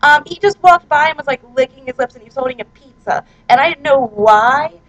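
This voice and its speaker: A woman's voice: high voice, animated, a little fast, fairly bright tone, dull audio. A woman in her twenties, a vlogger chatting casually and self-mockingly at home, reading out her own posts into a handheld recorder. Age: 20s. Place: her apartment, indoors.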